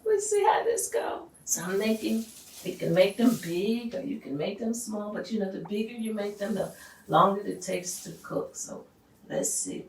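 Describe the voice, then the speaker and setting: A woman's voice: medium pitch, normal speed, distant mic, a little hiss or hum. A middle-aged woman hosting a home cooking show, talking casually and encouragingly as she cooks and repeating herself often. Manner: sings a church hymn. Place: home kitchen. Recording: roomy echo, voice away from the mic.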